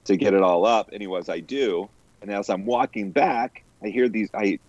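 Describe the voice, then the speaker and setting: Low-voiced man telling profane stories. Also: moderate pace, no echo. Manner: profane storytelling, animated quoted asides. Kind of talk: casual chat. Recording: dull lo-fi sound, dry.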